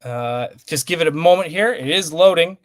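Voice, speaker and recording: A man's voice: a little high, moderate pace, no echo. A man co-hosting a casual live stream, rambling and apologetic as he fumbles with the tech. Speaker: podcast co-host.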